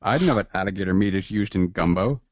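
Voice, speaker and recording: A man's voice: low-pitched, fast, no room sound, muffled recording. A man chatting casually with a friend while playing a game, joking and rambling with frequent laughs.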